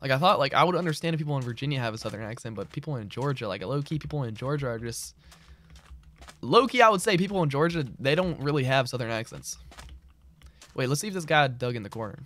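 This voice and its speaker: A man's voice: mid-range voice, animated, fast, a bit bright. A man streaming a game, chatting casually in a loose, slangy, rambling way as he answers his chat. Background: keyboard clicks and typing.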